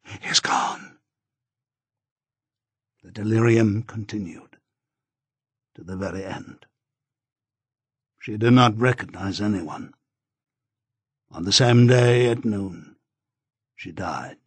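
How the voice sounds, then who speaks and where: A man narrating a novel as an audiobook in a measured, grave reading. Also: lowish voice, breathy edge, dry recording.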